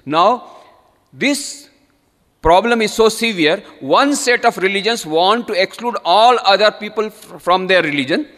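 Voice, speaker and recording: A man's voice: high-pitched, expressive, a little slow, fairly bright tone. A man with an Indian English accent, a monk giving a spiritual lecture, telling stories and acting out the people in them with rising emphasis. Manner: storytelling, acting out quoted speakers with rising emphasis. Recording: long hall reverb.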